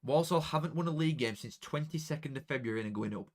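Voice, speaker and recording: Excitable young man streaming football. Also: fairly high pitch, quick pace. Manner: excitable, chatty, swings from flat mutter to loud outbursts. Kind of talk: casual live commentary to viewers.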